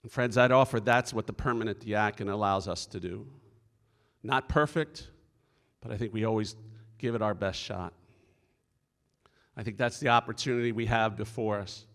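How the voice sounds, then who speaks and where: A man's voice: fairly low pitch, fairly even intonation, moderate pace, a bit bright. Middle-aged deacon man, folksy stories, earnest, echoey hall. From Philadelphia area. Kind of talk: sermon. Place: conference hall stage.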